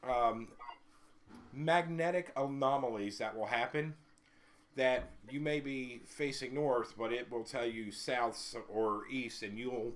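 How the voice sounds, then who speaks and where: A man's voice: mid-range voice, slow. A man co-hosting a casual podcast chat, joking around and laughing often.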